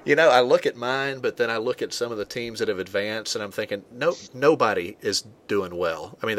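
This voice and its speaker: Man, sports show host, lowish voice, halting, lots of fillers. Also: fairly bright tone. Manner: halting, full of fillers and restarts. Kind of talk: casual sports talk.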